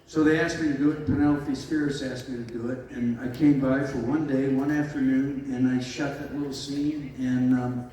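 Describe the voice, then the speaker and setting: American guy in his 60s spinning jokey stories on a panel, boomy hall, mic far off, bit of hiss. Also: mellow. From United States. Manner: joking, rambling anecdotes with fillers. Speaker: actor, panel guest. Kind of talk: convention panel Q&A storytelling. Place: large convention hall. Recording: echoey hall, heard from afar, faint noise.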